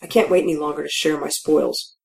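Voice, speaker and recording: A woman's voice: low voice, fairly even intonation, brisk, creaky. Wry woman reading a first-person story. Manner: wry, matter-of-fact, dryly humorous. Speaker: audiobook narrator. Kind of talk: first-person literary narration.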